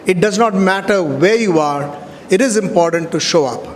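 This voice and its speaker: Animated man in a big hall. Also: high voice, moderate pace. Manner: animated storyteller, acts out dialogue. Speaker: convocation speaker. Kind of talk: storytelling speech. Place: large hall. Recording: hall reverb, faint background noise.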